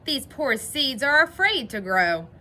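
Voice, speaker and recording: A woman voicing a calm, wise male frog who patiently explains things in a storybook read-aloud. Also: sits high, unhurried, pitched above the performer's own voice, full character voice.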